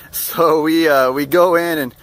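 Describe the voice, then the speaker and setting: A man's voice: on the high side, fairly even intonation, slow, fairly bright tone. A young man casually telling a travel story in a rambling way, with plenty of fillers and amused asides. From United States. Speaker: vlogger.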